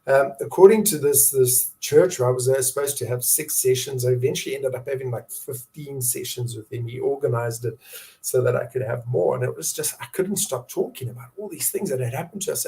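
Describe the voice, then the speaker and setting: Middle-aged male guest, gravelly tone, candid earnest storyteller, lots of fillers, laughs often. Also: medium pitch, fairly quick, warm tone. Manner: earnest, frequent fillers and restarts, breaks into laughter. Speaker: guest, survivor and advocate.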